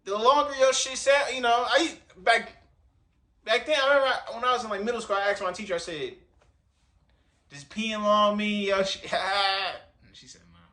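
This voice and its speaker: A man riffing in casual reaction commentary, slangy and full of profanity. His voice sits high and rings bright and forceful. He jokes in loose asides. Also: a little fast. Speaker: reaction video host.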